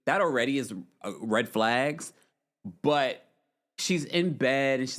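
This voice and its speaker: A man's voice: mid-range voice, slow pace, fairly bright tone. A man hosting a casual recap podcast, chatty and opinionated, reading comments from a live chat and often breaking into laughter. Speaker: podcast host.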